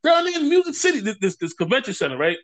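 Man, high pitched, very expressive, animated storyteller, conversational guest. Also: rapid-fire. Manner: animated storyteller acting out quotes. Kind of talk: casual conversation.

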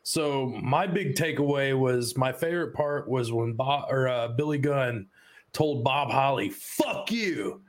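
A man's voice: mid-range voice, fairly even intonation, unhurried. A man co-hosting a podcast, chatting casually about a wrestling show, laid-back and cursing freely. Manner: laid-back, swears, laughs often. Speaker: podcast co-host. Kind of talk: casual wrestling review chat.

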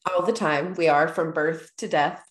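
Calm low-voiced woman in a roomy space. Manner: calm, affirming, unhurried. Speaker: host. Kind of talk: interview, yoga talk.

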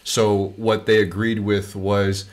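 A man with a low-pitched voice trading jokes in casual chat. He swears freely and laughs a lot. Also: little pitch movement, takes it slowly.

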